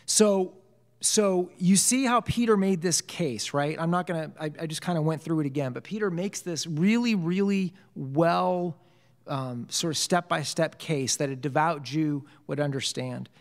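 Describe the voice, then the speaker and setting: A man's voice: on the high side, unhurried, in a large hall. A man teaching a casual church Bible study, joking with the group and asking it questions. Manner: joking, conversational, quizzes the group. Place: church hall.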